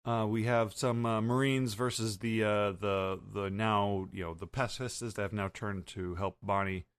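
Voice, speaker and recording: A man hosting a podcast, recapping an anime episode in a casual, halting way with many fillers. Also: lowish voice, steady tone, smooth, dry recording. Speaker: podcast host.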